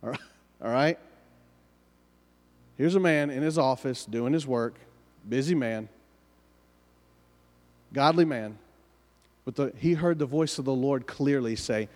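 A man's voice: mid-range voice, unhurried, pauses often, a little mellow. A male pastor telling a story in a sermon, earnest and given to repeating and restarting his phrases. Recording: long reverb of a large hall.

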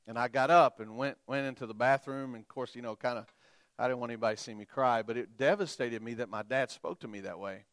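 A middle-aged man preaching a sermon and telling a personal story, swinging between quiet, soft telling and loud, emphatic preaching. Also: medium pitch, no echo, clean studio sound.

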